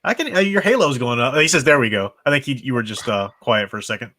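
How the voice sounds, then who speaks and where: A man's voice: medium pitch, expressive, quick pace, pushed and bright. A man hosting a casual book club livestream from a home mic, chatty, restarting his sentences often. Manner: chatty, frequent restarts and laughs.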